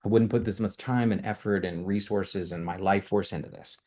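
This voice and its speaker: Impassioned, rambling low-voiced man. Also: steady tone, fairly quick, mellow. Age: young adult to middle-aged, with a toddler. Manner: rambling and impassioned, with frequent restarts and tag questions. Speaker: company leader giving a team training. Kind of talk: motivational training talk.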